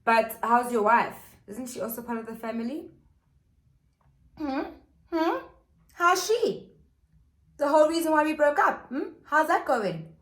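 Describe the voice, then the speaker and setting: A woman's voice: sits high, lively intonation, measured pace, roomy sound, recorded from a distance, pitched above the performer's own voice. A woman voicing a sassy young woman who teases an ex with pointed, repeated questions. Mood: sly probing.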